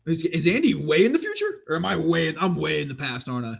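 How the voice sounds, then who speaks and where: A male podcast co-host chatting loosely with his friends during a live game. He jokes, laughs often and slips into long, animated stories. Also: a little high, fast, gravelly, breathy edge. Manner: laughing, storytelling, joking. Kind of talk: casual watch-party chat.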